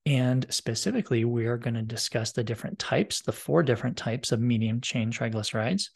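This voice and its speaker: Upbeat guy cohosting a podcast, bit of gravel in his voice, jokey. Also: mid-range voice, brisk. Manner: upbeat, joking. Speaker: podcast co-host. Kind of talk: casual podcast chat.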